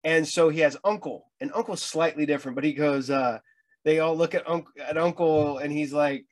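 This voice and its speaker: A middle-aged man chats casually as host, his voice sitting a touch high for a man. He stammers and restarts often and slips into acted-out quotes when telling stories. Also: normal speed. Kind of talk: casual chat.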